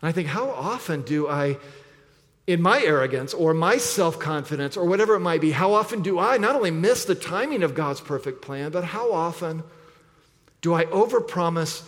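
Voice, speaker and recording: A man preaching an earnest sermon as pastor, often dropping low and quiet to press a point. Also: expressive, moderate pace. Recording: long hall reverb.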